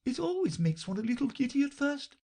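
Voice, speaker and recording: A flustered old queen from a storybook, vague and melancholy, talking in a high, fluttering voice, as a woman reads her. The voice swoops about a lot and has a faint husk. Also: big pitch swings, a little fast, gravelly, warm tone, exaggerated voice.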